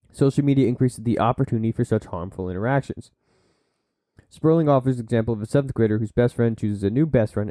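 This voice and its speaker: Man, solo podcast host, very mellow dark tone, dry sound, reads notes and adds blunt asides. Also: medium pitch, dry recording. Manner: reads sources aloud, then breaks off into blunt asides; slips into silly put-on voices. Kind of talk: solo podcast monologue, reading and commenting.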